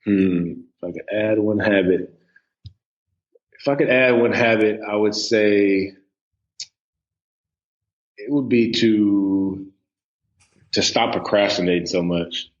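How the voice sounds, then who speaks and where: A laid-back podcast guest in his thirties chats casually in an interview, using lots of "um" and "you know." His lowish voice moves slowly with frequent pauses, and the recording is muffled.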